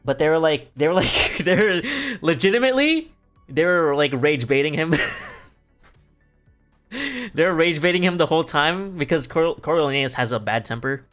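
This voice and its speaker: A man's voice: on the high side, lively intonation, normal speed, a bit bright. A young adult man streaming from home, retelling a story in a rambling, casual way, swearing freely and laughing as he goes. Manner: rambling, swearing, laughing asides, many fillers. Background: faint music.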